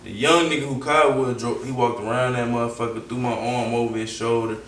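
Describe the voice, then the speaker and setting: A young man with a Southern US accent, telling a story casually as an interview guest, animated and full of slang, acting out the quotes. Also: medium pitch, brisk, far from the mic. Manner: animated, acts out quotes, heavy slang and profanity. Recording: roomy echo, off-mic, faint background noise.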